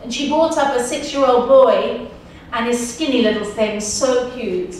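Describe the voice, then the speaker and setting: A woman in her forties with an English accent tells a personal testimony to a university audience, pressing her points through repetition. Her voice sits slightly high. It reaches the listener from a distance, washed in heavy room echo with a faint hum of ambience. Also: measured pace, a little mellow. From England. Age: 40s. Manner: storytelling, emphatic repetition. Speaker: guest speaker. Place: university lecture hall. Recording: echoey hall from far off.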